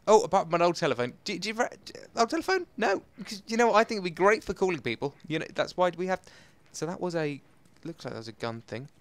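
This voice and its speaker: A man doing excitable, self-mocking commentary over a video game and talking straight to his viewers. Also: high-pitched, fast talker, few pauses, no echo. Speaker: gameplay commentator. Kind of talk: let's play commentary.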